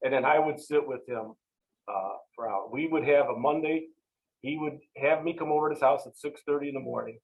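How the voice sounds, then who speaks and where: A man's voice: mid-range voice, brisk, low-quality recording. A man, a longtime football coach, telling stories in an interview and acting out the exchanges he quotes. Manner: animated, acts out quoted exchanges. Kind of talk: storytelling interview.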